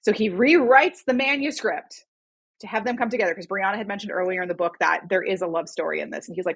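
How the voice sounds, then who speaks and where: A woman's voice: mid-range voice, fast talker, gravelly, a bit bright, slightly rough. A woman co-hosting a podcast, chatting casually and animatedly as she retells a romance novel's plot. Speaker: podcast co-host.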